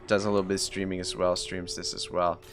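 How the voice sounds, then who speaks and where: Canadian guy streaming a game, rambly, lots of ums, lowish voice, slight hiss behind. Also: flat delivery, fast, fairly bright tone. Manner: rambling, reads chat aloud, many fillers and restarts. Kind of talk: live gameplay commentary, chatting with viewers.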